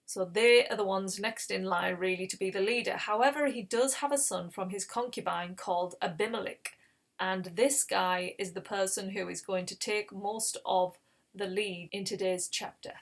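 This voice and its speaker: A woman's voice: medium pitch, moderate pace. A woman hosting a Bible reading channel, retelling scripture in a casual, conversational way with explanatory asides.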